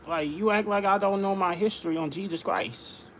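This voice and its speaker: A man's voice: high-pitched, moderate pace, a bit bright, slight background noise. A man insistently arguing his point in casual livestream talk, repeating himself. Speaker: livestream host.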